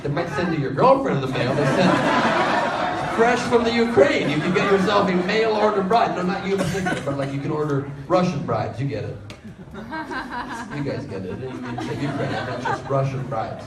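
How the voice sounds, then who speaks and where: A man with a high voice fires off brash, profane crowd-work jokes from a comedy club stage. He is heard from a distance in an echoey room, over a roaring audience. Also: animated, fairly quick. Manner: brash, profane, teasing, laughing. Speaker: stand-up comedian. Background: audience laughter and chatter.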